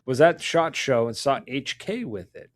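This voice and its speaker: A man with a mid-range voice hosts a podcast at a moderate pace, telling casual stories. He laughs often and acts out each person who appears in them.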